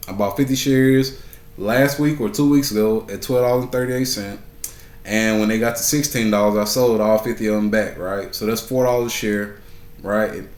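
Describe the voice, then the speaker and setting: A man giving a casual recap of the day's stock market, talking straight to his viewers, often asking "right?" and repeating phrases for emphasis. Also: lowish voice. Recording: echoey room.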